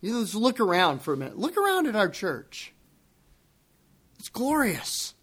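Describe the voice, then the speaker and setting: A male pastor preaching a sermon to his congregation, emphatic and deliberate, repeating key phrases for weight. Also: sits high, wildly swooping pitch, a bit bright, slightly rough.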